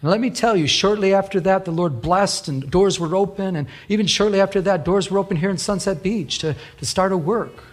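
On a radio sermon, a middle-aged pastor with a husky, slightly higher-pitched voice preaches in an easy, conversational way, speaking a little fast with few pauses. He tells stories from his own life and acts out the voices of the people in them.

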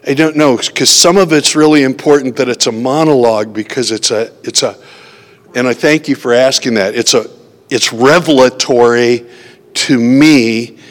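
A pastor giving an informal, conversational teaching to a small group, often asking his listeners rhetorical questions. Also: mid-range voice. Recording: long hall reverb.

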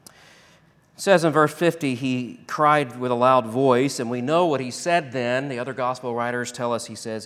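A pastor delivering a sermon and closing prayer, rising to loud emphatic declarations and dropping to hushed, slow prayer. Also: male voice, mid-range voice. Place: church sanctuary. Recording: long reverb of a large hall.

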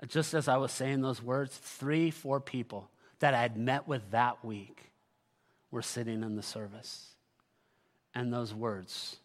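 A man preaching a sermon as pastor, moving between loud proclamation and quiet, personal talk with the congregation. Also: medium pitch, long reverb tail. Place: church sanctuary.

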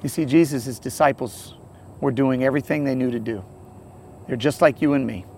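A man giving an earnest, storytelling sermon outdoors by a lake, swinging between loud and soft passages. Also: mid-range voice, moderate pace, slight background noise. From St. Louis area. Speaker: pastor.

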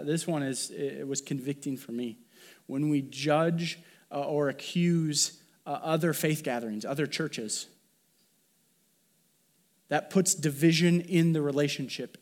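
A male pastor delivering a conversational sermon, asking the congregation questions and pressing his points with emphasis. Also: fairly high pitch. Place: church sanctuary.

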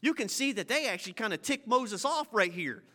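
Bright, high-voiced folksy preacher man. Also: lively intonation, fairly quick. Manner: folksy preaching, paraphrasing scripture in casual slang. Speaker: pastor. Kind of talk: sermon.

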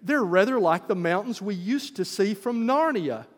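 A preacher reading aloud the lines of an eager young boy, in an excited, exclaiming voice. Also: high voice, normal speed, big-room sound.

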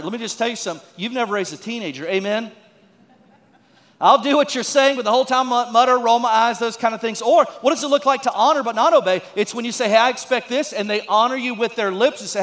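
A man's voice: sits high, lively intonation, brisk, fairly bright tone, big-room sound. A man preaching a folksy sermon as a pastor, with joking asides and calls to the congregation.

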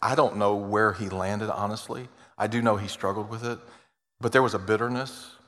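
A man's voice: fairly low pitch, fairly even intonation, normal speed. Earnest male pastor in a reverberant hall. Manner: earnest, swings between loud emphasis and quiet intimate asides. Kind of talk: sermon.

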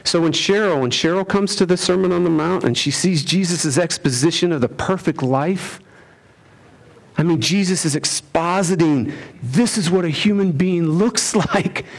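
A man preaching a sermon, driving his points home with rhetorical questions and swinging between loud emphasis and hushed lines. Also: on the high side, normal speed, vocal fry. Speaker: pastor.

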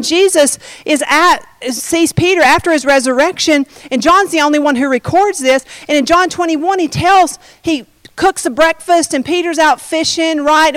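High voiced lady teaching bible study, casual and jokey, keeps cutting herself off, dry close sound. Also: dry recording, low-quality recording. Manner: chatty, self-interrupting, jokey asides.

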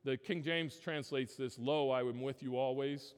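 A man preaching a sermon as pastor, emphatic, with his pitch rising on key phrases and dropping low when he closes in prayer. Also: steady tone, moderate pace, clear, resonant tone. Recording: long reverb of a church hall.

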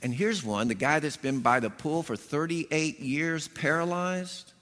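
A man's voice: on the high side, a little slow, a bit bright. A man preaching a sermon as a pastor, telling stories and acting out voices with punchy emphasis. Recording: long hall reverb.

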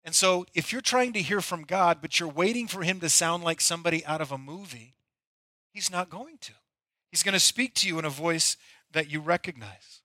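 A man's voice: fairly high pitch, normal speed, bright, forceful tone, no room sound. A middle-aged male pastor delivering a conversational, storytelling sermon.

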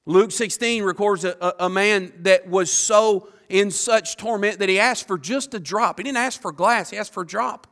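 A man preaching a sermon with passion, repeating words and swinging from quiet asides to loud declarations. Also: high voice, normal speed, hardly any pauses.

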